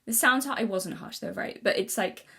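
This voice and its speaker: A woman's voice: medium pitch, normal speed, gravelly, pushed and bright, slightly rough. Rambling young woman thinking aloud. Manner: rambling, many restarts and self-corrections. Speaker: vlogger. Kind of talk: casual unscripted talk to camera.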